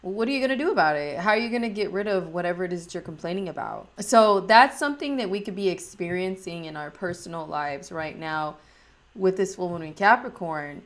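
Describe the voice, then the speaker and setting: A woman astrologer talking casually and chattily, with slang and frequent laughs. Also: lowish voice.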